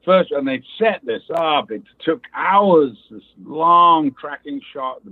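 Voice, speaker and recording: Over a tinny, phone-like line, an animated Englishman with a fairly high, slightly rough voice tells anecdotes slowly. He is an actor being interviewed, and he imitates the people in his stories when quoting them.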